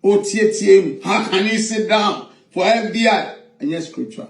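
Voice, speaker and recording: A man's voice: high-pitched, normal speed, vocal fry. A Ghanaian man giving mocking, theatrical commentary that mixes scripture talk with jokes. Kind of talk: animated social-media commentary. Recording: echoey sound from a distance.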